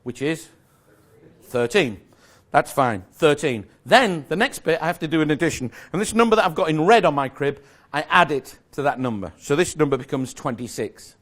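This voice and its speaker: A man's voice: on the high side, animated, moderate pace, a bit bright. A man giving a live magic lecture to an audience, explaining step by step in a chatty, self-correcting way with small jokes.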